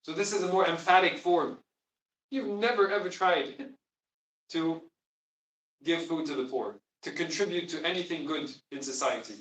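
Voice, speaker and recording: A man's voice: fairly high pitch, moderate pace, long pauses, fairly bright tone. A man teaching a Quran class, explaining emphatically and quizzing his students. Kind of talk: classroom lesson. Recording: echoey room, distant mic.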